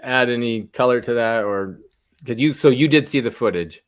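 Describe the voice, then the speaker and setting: A man co-hosting a podcast, talking casually in a hesitant, halting way. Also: medium pitch. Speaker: podcast co-host.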